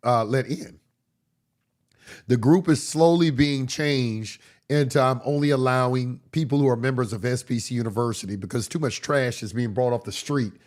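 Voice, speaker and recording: A man giving a casual livestream lecture as a course instructor, blunt and profane, his voice hoarse from a cold. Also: mid-range voice.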